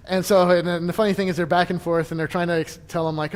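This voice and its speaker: Man, church history class leader, casual joking talk, somewhat high voice, lots of restarts. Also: fairly even intonation, quick pace, hardly any pauses, long reverb tail. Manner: chatty, joking, frequent restarts and laughs.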